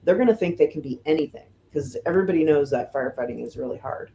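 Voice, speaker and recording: A middle-aged woman from the United States, a fire lieutenant, telling stories casually in an interview, with lots of "you know" and "um" and lively voices for the people she quotes. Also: low voice, fast talker, gravelly, slight background noise. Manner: chatty, fills with "you know" and "um", animated retelling of quotes. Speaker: firefighter lieutenant and guest.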